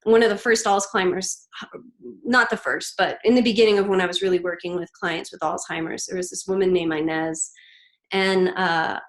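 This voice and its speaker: A woman in her thirties, a podcast guest, speaks earnestly and gently, pausing and restarting as she tells a personal story. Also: fairly low pitch, rough recording. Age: 30s. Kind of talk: reflective interview storytelling.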